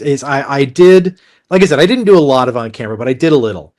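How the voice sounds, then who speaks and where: A man's voice: medium pitch, lively intonation, fast talker, darkish tone. A man who works as a voice actor, telling stories in a casual, rambling way and acting out the people he quotes. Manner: rambling with many restarts and fillers. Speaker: voice actor guest. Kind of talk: casual storytelling.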